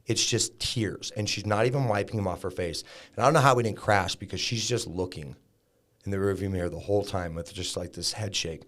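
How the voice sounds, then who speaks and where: A deep, low-pitched man speaks as a podcast guest. He tells his story candidly and casually, with plenty of likes and blunt language along the way. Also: brisk, fairly bright tone. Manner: frank, conversational, peppered with likes and profanity. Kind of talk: candid storytelling about recovery.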